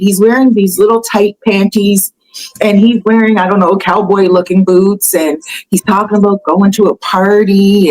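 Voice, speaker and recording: A woman hosts a casual celebrity gossip show. She is chatty and animated, with plenty of fillers and laughs, and her voice sits at a middle pitch for a woman. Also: low-quality recording. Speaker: host.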